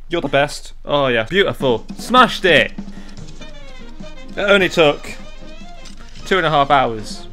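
A young man commentating a video game, excitable and jokey, yelling and swearing at it and talking himself down between fits. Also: on the high side, slow, pauses often, faint music behind. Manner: talks to himself, jokey asides. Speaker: gaming YouTuber. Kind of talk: let's play commentary.

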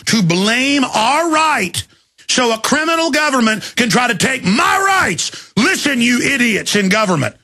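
A man in his thirties hosting a radio show, delivering an angry, shouting monologue in rapid tirades. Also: very high voice, sing-song. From Texas. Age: 30s. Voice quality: gravelly, raspy. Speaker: radio host. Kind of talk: ranting talk radio monologue.

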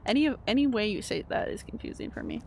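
A woman's voice: a little high, expressive, quick pace, creaky, slight background noise. A woman streaming a video game, chatting casually, laughing often and answering her chat. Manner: chatty, giggly, reads chat aloud.

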